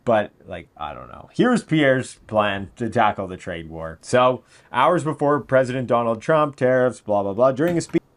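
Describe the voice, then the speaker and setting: A man's voice: mid-range voice, normal speed, hardly any pauses. A man hosting a political commentary show, talking casually and sarcastically. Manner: sarcastic, animated, mocking voices.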